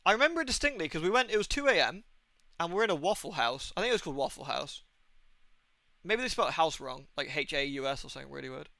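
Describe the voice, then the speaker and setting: A British man in his thirties chats over his game stream in a loose, rambling way, swearing now and then. His voice sits a little high and rings bright and forceful. The sound is close and dry, with no room around it. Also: sing-song, quick pace, gravelly, dry recording. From Britain. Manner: rambling, anecdotal, swears freely. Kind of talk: casual gaming stream chat.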